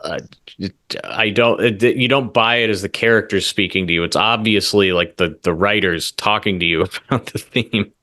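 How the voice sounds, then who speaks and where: A man co-hosting a podcast, chatting casually and thoughtfully about an anime, pausing to search for words. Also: lowish voice, bright, forceful tone. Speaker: podcast co-host.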